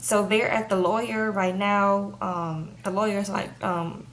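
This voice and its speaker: A woman's voice: medium pitch, steady tone, unhurried, few pauses, a little hiss or hum. A young woman casually recapping a reality TV episode, chatting loosely and often asking "okay?". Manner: chatty, frequent "okay?" and "like" fillers. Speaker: TV show reviewer.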